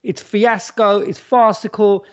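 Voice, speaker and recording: A man's voice: high voice, fairly even intonation, a little slow. A man co-hosting a podcast, blunt and jokey in casual chat, recorded with dull lo-fi sound. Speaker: podcast co-host.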